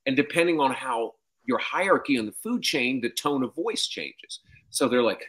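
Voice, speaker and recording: A man spinning a comic story from his own life, swearing freely and acting out every exchange. His pitch jumps around a lot as he tells it. He keeps stringing it along with "I'm like" and "right?". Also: normal speed. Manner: animated, profane, repeats "I'm like". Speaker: comedian storyteller.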